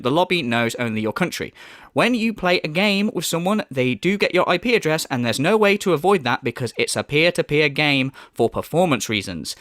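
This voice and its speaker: A man tears into his subject in a furious, foul-mouthed commentary. His voice sits high and swings wildly in pitch. The sound is dry, with no room behind it. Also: a bit bright, no room sound. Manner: angry, profane, mocking. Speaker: commentary youtuber. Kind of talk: ranting commentary.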